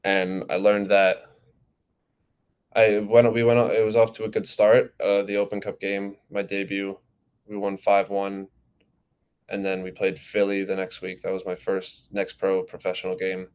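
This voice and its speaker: Low, flat-voiced teenage man. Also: measured pace, clean tone. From New Jersey, USA. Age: teens. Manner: relaxed, rambling with many fillers. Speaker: goalkeeper guest. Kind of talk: casual interview answers.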